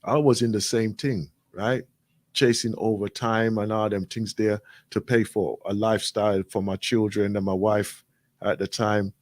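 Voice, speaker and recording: This low-ish male voice holds a fairly flat pitch at normal speed, with no echo. A radio show guest, he relays a story casually, voicing both speakers, and repeats himself with constant "right?" and "I goes."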